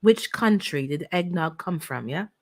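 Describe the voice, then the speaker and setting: A woman's voice: sits low, animated, measured pace, a little mellow. A woman hosting a casual live-stream holiday trivia game, chatty and playful, teasing her viewers. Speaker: livestream host running holiday trivia.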